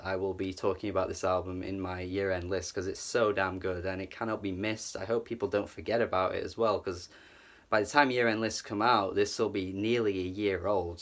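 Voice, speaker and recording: A man talking through an album review in a loose, casual way. He is enthusiastic, swears freely and often stumbles over his words. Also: lowish voice.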